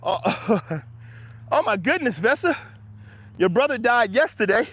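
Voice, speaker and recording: Hyping up his viewers, a high-voiced man speaks slowly and a bit breathlessly from walking during an early-morning outdoor livestream, shot on a handheld camera. This motivational host keeps the walk-and-talk energetic and encouraging, answering comments as they arrive.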